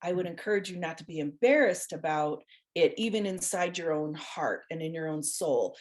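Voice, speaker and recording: A woman co-hosting a podcast, telling a story in an animated, laughing way with many restarts. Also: low voice, moderate pace. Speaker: podcast co-host. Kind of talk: casual storytelling chat.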